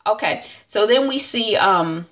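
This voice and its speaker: A woman's voice: medium pitch, lively intonation, moderate pace, sharp tone. A woman giving a casual, chatty TV episode recap in loose, slangy talk with plenty of "um"s and "like"s. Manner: chatty, retells scenes by acting out the characters' lines. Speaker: TV recap vlogger.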